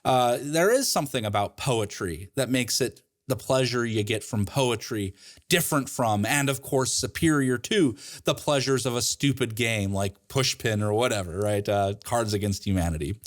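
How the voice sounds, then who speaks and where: A man's voice: medium pitch, normal speed. A man lecturing as a college ethics professor, joking and laughing at his own asides. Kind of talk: recorded lecture.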